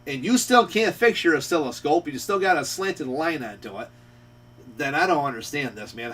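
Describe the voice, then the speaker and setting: A middle-aged man in a confrontational rant, scolding someone and circling back to the same points. His voice sits a little high for a man. He sounds somewhat distant from the microphone. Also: husky. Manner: confrontational, scolding, repeats himself. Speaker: radio repair shop owner. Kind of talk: ranting call-out video.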